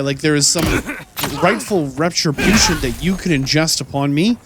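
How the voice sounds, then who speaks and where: While playing through a game, a male host commentates and breaks into theatrical, mock-indignant rants at the enemies. His voice is fairly high and expressive at a moderate pace, with background noise.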